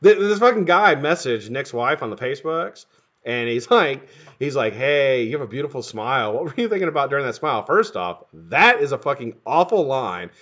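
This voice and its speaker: A loud, excitable man hosting a live stream, his voice bright and bouncing up and down in pitch as he greets viewers by name. He swears freely and laughs at his own stories. The audio is dull and lo-fi. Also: a little fast. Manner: profane, excitable, laughing often, shouting names to greet viewers. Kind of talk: casual live-stream chat.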